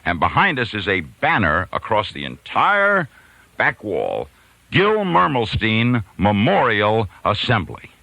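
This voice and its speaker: A New York radio host tells a long, funny story in a monologue, acting out the voices of its characters and laughing mid-story. His voice is low and creaky and he takes it slowly, on a dry recording with poor audio.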